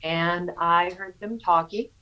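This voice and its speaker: A woman slowly telling a personal story to a meditation group over a video call, earnest and halting, with pauses and fillers. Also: on the low side, fairly even intonation, clear, resonant tone, lo-fi sound.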